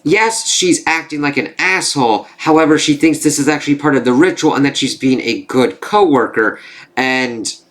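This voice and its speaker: A man's voice: mid-range voice, normal speed, a bit bright. A man recapping a TV episode in a rambling, casual way, swearing freely and using lots of fillers. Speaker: TV reviewer.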